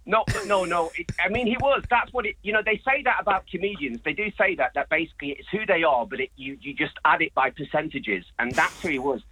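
A man's voice: fairly high pitch, quick pace, few pauses, sharp tone, slight background noise. A man, a priest, joining a radio show as a phone guest, keeping the talk light and chatty. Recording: tinny phone line.

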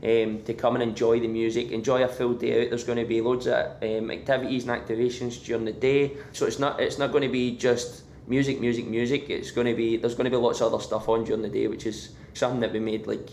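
Scottish male guest musician, hesitant and chatty, monotone, echoey remote line. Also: mid-range voice, a little hiss or hum. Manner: halting, many fillers and restarts. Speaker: band member, guest. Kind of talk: casual interview. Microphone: remote line from abroad.

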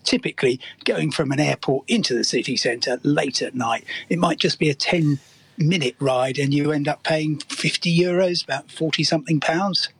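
A man giving an articulate, measured radio interview as a travel expert. His voice sits a little higher than most men's and has a husky edge. It is recorded dry, with no room sound. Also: dry recording. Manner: articulate, measured, vivid phrasing. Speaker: travel correspondent guest. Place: newspaper office in London.

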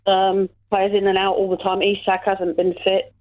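A woman calls in to chat about football, hesitant and full of restarts. Her voice comes through a thin, tinny phone line that cuts the lows and highs. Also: monotone. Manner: halting, full of fillers and restarts.

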